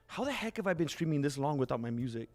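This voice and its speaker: A man streaming live and talking casually to his viewers in a slightly high, very lively voice that bounces all over. His talk is loose and animated, and he drops "bro" into almost every sentence. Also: quick pace, faint music behind. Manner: loose and animated, constantly saying "bro", laughing often. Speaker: livestream host.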